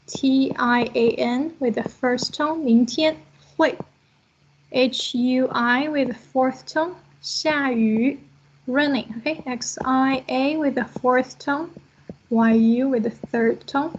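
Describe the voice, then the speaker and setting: High-pitched woman teacher, slow and patient, slightly husky, dull lo-fi call audio, many okays. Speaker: Chinese language teacher. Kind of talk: online class instruction.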